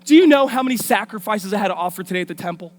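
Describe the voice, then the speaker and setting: A woman's voice: high voice, lively intonation, slow, pitched above the performer's own voice. A woman putting on a gushing, scheming seductress. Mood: breathless, gushing. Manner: breathless, coaxing, gushing. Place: church.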